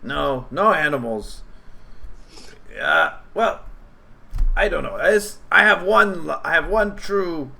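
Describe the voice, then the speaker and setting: A man doing a weary, halting goblin villager. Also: a little high, animated, vocal fry, sharp tone, pitched above the performer's own voice, exaggerated voice. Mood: wistful. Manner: broken English, halting, complaining. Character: weary male goblin villager, broken English.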